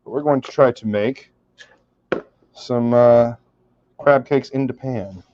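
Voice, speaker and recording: A man's voice: medium pitch, slow. Wry joking man cooking in kitchen. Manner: joking, wry, swears casually. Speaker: cooking streamer. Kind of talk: casual cooking chat with viewers. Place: home kitchen. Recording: muffled lo-fi home recording.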